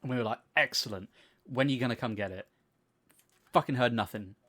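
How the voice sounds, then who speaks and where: A young man co-hosting a podcast, telling long animated stories in casual chat, swearing freely and acting out what people said. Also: mid-range voice, fairly quick. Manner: animated storytelling, swears freely, acts out quotes. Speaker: podcast co-host.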